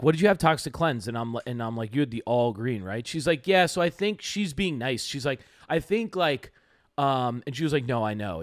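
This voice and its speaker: A man's voice: mid-range voice, dry recording, clean studio sound. A man co-hosting a comedy podcast, telling a rambling story full of fillers and acting out the lines he quotes.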